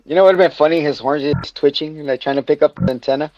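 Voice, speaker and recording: Dude rambling through an episode recap, cusses, acts stuff out, muffled dry audio, faint music. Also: male voice, fairly high pitch, fast, a little mellow. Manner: rambling, profane, acts out scenes. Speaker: podcast co-host. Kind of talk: casual chat, recapping a show. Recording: dull lo-fi sound with music behind.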